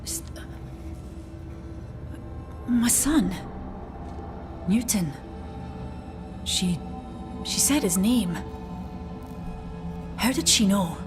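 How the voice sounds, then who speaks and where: A woman's voice: mid-range voice, expressive, extremely slow, pauses often, over music. An actress playing a confused, forgetful elderly mother who murmurs and wanders in a game cinematic. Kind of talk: video game cinematic acting.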